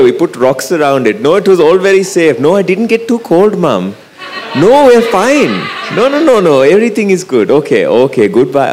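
A man voicing his younger self with a Sri Lankan accent, reassuring his mother on the phone. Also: a little high. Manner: quick, soothing reassurances.

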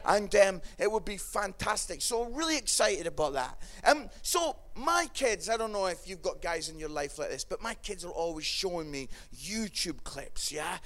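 A man's voice: lively intonation, moderate pace, hardly any pauses, a bit bright. A man preaching a humorous sermon in a chatty way, often asking "yeah?" and acting out what people say. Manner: acts out quoted voices, dropping low for the kids and listeners.

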